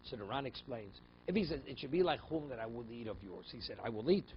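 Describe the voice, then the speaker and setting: A rabbi with a mid-range male voice gives an animated, quick-paced Talmud class, reading passages in Aramaic and explaining them in English. He regularly checks in with "okay?" and "right?". The recording sounds slightly dull, with faint room noise.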